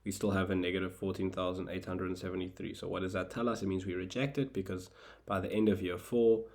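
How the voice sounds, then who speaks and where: A man's voice: low-pitched, little pitch movement, fast talker, darkish tone. A young South African man with a South African accent, tutoring through a recorded screen lesson. He explains each step in turn and drops in wry asides.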